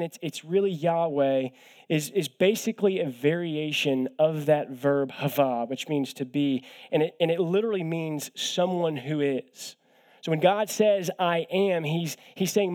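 A young man preaching as a guest speaker, his voice sitting a little higher than most men's. He keeps it conversational and easygoing, mixing gentle jokes at his own expense into the teaching and often doubling words as he goes. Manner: conversational with light self-deprecating humor, often repeats words. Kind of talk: sermon.

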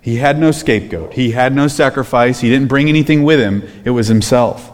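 A man preaching a sermon, emphatic, dropping to hushed low phrases and then rising to loud ones. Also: brisk. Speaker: pastor. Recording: long hall reverb.

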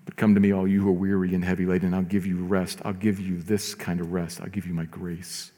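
A man preaching a sermon as pastor, earnest, rising to emphatic lines and dropping to soft, slow ones. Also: deep voice, little pitch movement, in a large hall.

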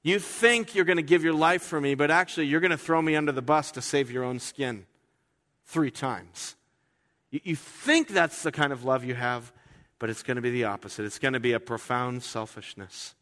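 A man preaching a sermon as pastor, talking in a conversational way and acting out quoted voices with sudden jumps in pitch. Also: moderate pace, a bit bright. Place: church sanctuary. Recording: reverberant hall.

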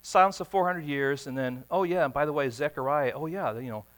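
A man preaching a sermon, telling stories with dramatic swings between hushed, quiet passages and sudden shouts. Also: fairly high pitch, a little fast. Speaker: pastor.

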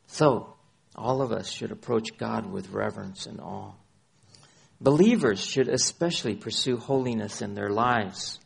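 A man's voice: lowish voice, unhurried, vocal fry, breathy edge. A man preaching a sermon as pastor, citing scripture by chapter and verse and repeating phrases for emphasis.

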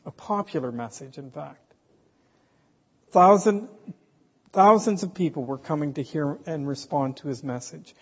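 A man preaching a sermon in a slow, emphatic way, asking the congregation rhetorical questions. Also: fairly high pitch, slightly rough. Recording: dull, hall reverb, from a distance.

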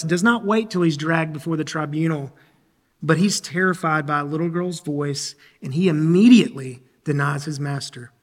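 A man preaching a sermon as a pastor. He speaks earnestly, often repeats or restarts his words, and clears his throat from time to time. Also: high-pitched, in a large hall.

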